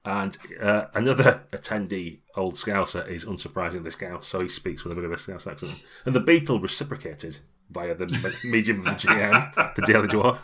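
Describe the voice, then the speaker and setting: A man's voice: deep voice, fairly quick, hardly any pauses, sharp tone, breathy edge. A middle-aged British man co-hosting a role-playing podcast, chatting casually and rambling with frequent laughs. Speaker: podcast co-host.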